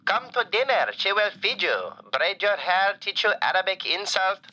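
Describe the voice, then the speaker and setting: A man playing a warm, flattering falafel shop owner who calls in to a radio show, speaking broken English with dropped articles and deadpan compliments. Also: high-pitched, normal speed, muffled recording, heavily acted. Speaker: caller. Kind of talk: comedic radio call-in sketch.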